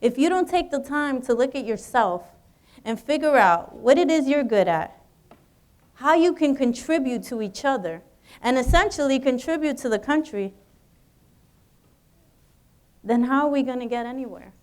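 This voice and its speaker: High-voiced woman giving a pep talk. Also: expressive, normal speed, darkish tone. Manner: encouraging, addresses audience directly. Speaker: guest speaker. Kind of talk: motivational speech to students. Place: university auditorium.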